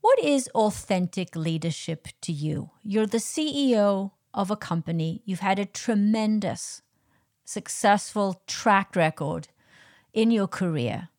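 A woman's voice: mid-range voice, lively intonation, a little slow, a little mellow. A woman hosting a podcast interview, curious and asking direct questions. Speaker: podcast host.

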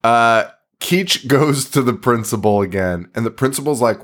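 A man of middle pitch co-hosting a podcast, retelling a movie plot in loose, casual chat. He swears freely and laughs as he goes, sounding gleefully amused. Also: expressive, moderate pace, few pauses, fairly bright tone. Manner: laughing, profane, gleeful recapping. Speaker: podcast co-host.

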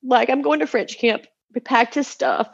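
A woman's voice: sits high, steady tone, moderate pace, gravelly, husky. A woman in her forties, a mother, telling an emotional personal testimony in an earnest, tumbling way, acting out the voices she quotes. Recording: dull lo-fi recording.

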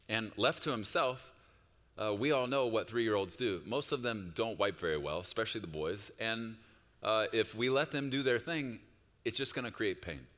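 Male pastor, lively pitch, bright tone, preaching in a big reverberant church hall. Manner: swings from hushed reflection to loud, rising exhortation. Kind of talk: sermon.

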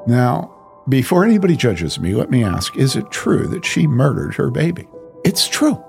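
A man's voice: fairly low pitch, creaky. A man speaking as a pastor, telling a story from his ministry in an earnest, emphatic way and asking rhetorical questions.

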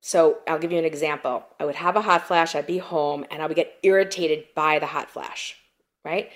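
A middle-aged woman talking as a podcast guest, telling stories in an animated way, acting out quotes and saying "like" often. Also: low voice, normal speed. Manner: animated storyteller, acts out quotes, frequent "like". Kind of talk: conversational interview.

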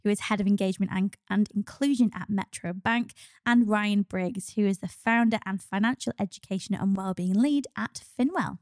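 A woman's voice: mid-range voice, moderate pace, darkish tone, no room sound, clean studio sound. A woman co-hosting a podcast, chatting in an upbeat way and often laughing. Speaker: podcast co-host. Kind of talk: casual podcast chat.

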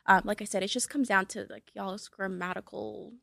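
A young woman from Cape Verde, a native Portuguese speaker, chatting casually as a podcast guest in a studio, animated and swearing freely. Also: mid-range voice, normal speed, creaky, slight background noise. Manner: animated, swearing, laughs often. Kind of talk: casual chat.

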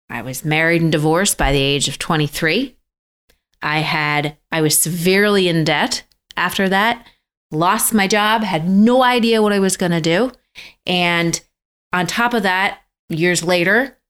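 A woman's voice: lowish voice, smooth. A middle-aged woman hosting a podcast, telling a personal story casually and animatedly, acting out the voices of people she quotes. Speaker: podcast host.

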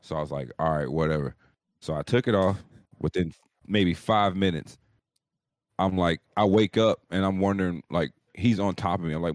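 Deep-voiced man telling a profane story. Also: a little fast, a little mellow, dry recording, studio quality. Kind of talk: casual storytelling on a live show.

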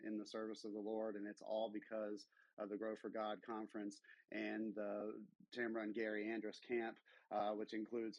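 A man tells a personal testimony in an earnest, emotional way and fills his pauses with ums. His voice is low with little rise and fall. The sound is dry. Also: no echo, muffled recording. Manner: earnest, emotional storytelling with fillers. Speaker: caller sharing a testimony.

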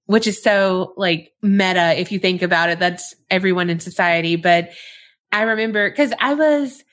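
A woman's voice: medium pitch, a bit bright. A woman co-hosting a podcast, chatting casually, giggling and exclaiming often. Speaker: podcast co-host.

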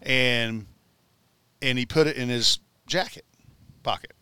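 A man, a former pitcher, telling rambling anecdotes in casual conversation, laughing as he goes. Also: takes it slowly, pushed and bright, smooth, no room sound. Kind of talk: casual storytelling. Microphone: studio mic in radio booth.

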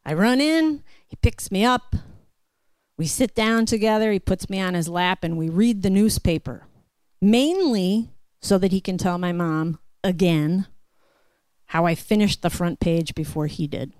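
Slow, clear-voiced woman storyteller. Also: on the low side, darkish tone, no room sound. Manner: slow, deliberate, vivid. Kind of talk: live personal storytelling. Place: stage at a live show.

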